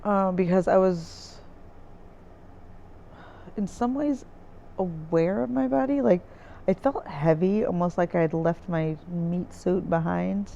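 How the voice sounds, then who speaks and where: Woman vlogger, warm gravelly tone, rambling and filler-heavy, slightly muffled home recording. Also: on the low side, slow, long pauses, slight background noise. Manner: rambling, searching for words, many fillers. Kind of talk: casual diary-style recap. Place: dim room indoors by a window with trees outside.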